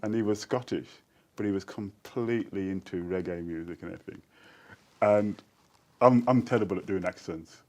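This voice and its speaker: A man in his sixties with a Birmingham accent flavoured by Jamaican speech, talking in a fairly low voice. He tells stories in an animated, easygoing way, laughing often and slipping into quoted voices. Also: normal speed. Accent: Birmingham English with Jamaican influence. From Birmingham, England. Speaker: interview guest, poet. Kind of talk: casual storytelling interview.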